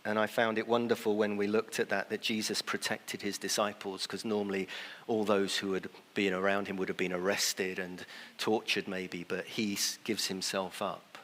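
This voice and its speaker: Preacher with a lower voice in a reverberant church. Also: male voice, flat delivery, normal speed, fairly bright tone, slight background noise. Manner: conversational preaching, acting out quoted voices. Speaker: pastor. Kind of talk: sermon.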